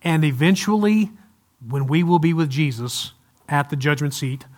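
Higher-voiced male pastor preaching. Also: animated, moderate pace, darkish tone. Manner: conversational preaching with light humor and frequent restarts. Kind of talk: sermon. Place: church service, also streamed to viewers at home.

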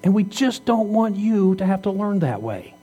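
A man's voice: high-pitched, sing-song, moderate pace, mellow, slightly rough. A man in his fifties, a pastor preaching a sermon in a conversational way, asking rhetorical questions and teasing the congregation. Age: 50s. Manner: jokes and teases the congregation.

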